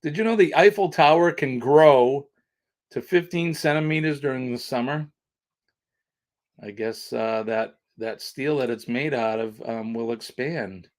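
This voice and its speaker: A man hosting a casual live stream, chatting with viewers in the comments. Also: medium pitch.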